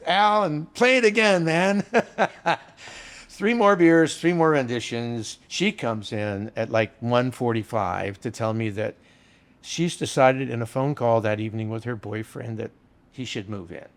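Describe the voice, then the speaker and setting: An older man with a gravelly, creaky edge to his voice spins rambling anecdotes at a middle pitch. He talks casually and earthily, like a bartender being interviewed about the old days. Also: unhurried. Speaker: bartender guest. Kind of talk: storytelling interview chat.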